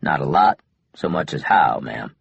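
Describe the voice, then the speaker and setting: A weary, frustrated army captain, as a man plays him, speaking low and terse in clipped military replies. The voice sits well below the narrator's own, husky and breathy, with a dry close sound. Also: moderate pace, no room sound, dull audio.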